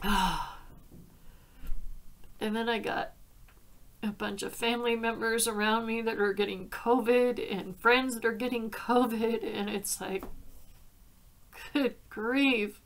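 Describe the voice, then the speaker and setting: A woman's voice: a little high, fairly even intonation, takes it slowly, pauses often. A woman hosting a crafting vlog, chatting in a heartfelt way and laughing often. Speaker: card-making crafter. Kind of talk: casual crafting vlog chat.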